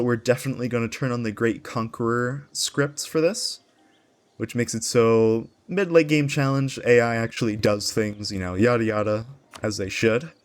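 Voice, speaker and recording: Casual man narrating a strategy game. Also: mid-range voice. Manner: casual, rambling asides. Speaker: let's play host.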